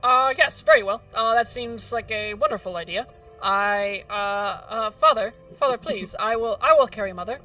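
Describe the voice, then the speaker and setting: A woman's voice: fairly high pitch, moderate pace, sharp tone, pitched above the performer's own voice. A woman voicing a theatrical young nobleman with a pompous, formal manner. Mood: grand. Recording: distant mic, faint music behind.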